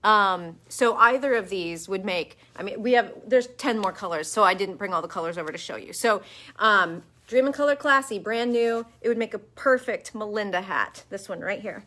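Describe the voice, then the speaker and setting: A woman's voice: mid-range voice, normal speed, bright, forceful tone. A woman hosting a casual live chat from her yarn shop, enthusiastic and full of fillers, speaking to a webcam. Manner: chatty, enthusiastic, lots of fillers.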